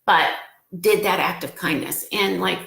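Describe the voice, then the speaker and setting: Earnest, emotional woman in her 40s doing a home live stream; low, gravelly voice in an echoey room. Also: measured pace, a bit bright. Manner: emotional, earnest, gets choked up. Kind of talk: casual live-stream talk to followers.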